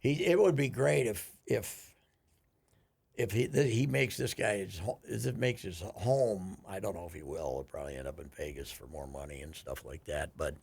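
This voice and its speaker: Low-pitched and darkish in tone, an older man's gravelly, husky voice moves at a moderate pace. He's a regular on a radio show, rambling through a chuckling story in casual talk and restarting often.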